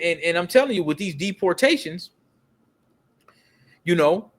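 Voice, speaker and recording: Man, high-pitched, emphatic, slangy, repeats himself, casual storytelling rant. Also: a bit bright. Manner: emphatic, repetitive, streetwise slang. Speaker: video commentator.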